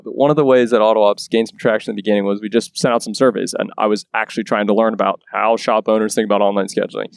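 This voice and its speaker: A man's voice: lowish voice, level tone, racing, creaky, hardly any pauses, clear, resonant tone, dry recording. A man who is a guest on a podcast, explaining his business in earnest casual chat. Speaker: guest, startup co-founder.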